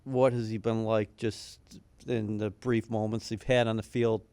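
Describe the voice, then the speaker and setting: A man's voice: on the low side, little pitch movement, unhurried, a little mellow, clean tone, no room sound. A male team interviewer asking long, framing questions in a conversational manner.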